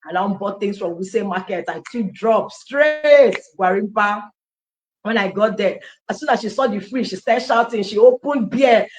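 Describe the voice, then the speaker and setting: A Nigerian woman recounts her own story as an interview guest, acting out the dialogue of the people she quotes. She talks animatedly at a mid pitch and often slips into Pidgin. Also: moderate pace, a little hiss or hum. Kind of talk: personal testimony in an interview.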